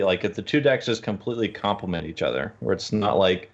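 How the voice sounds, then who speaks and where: Male co-host with a deep voice, foul-mouthed and rambly, on a dull recording. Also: lively intonation, a little fast. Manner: loose and profane, lots of "like". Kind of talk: casual chat.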